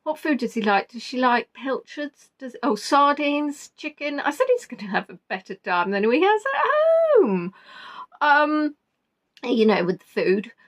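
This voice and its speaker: Woman vlogger, emotional, rambling storyteller with a fairly high voice; she slips in and out of quoted dialogue. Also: big pitch swings, a little slow. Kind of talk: casual storytelling.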